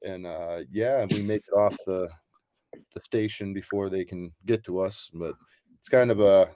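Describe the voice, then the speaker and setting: A man in a band rambles through an explanation with plenty of filler words. His voice sits low. The recording is dry and close. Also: moderate pace, dark tone, dry recording. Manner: rambling, many ums and uhs. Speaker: band member. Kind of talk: casual interview chat.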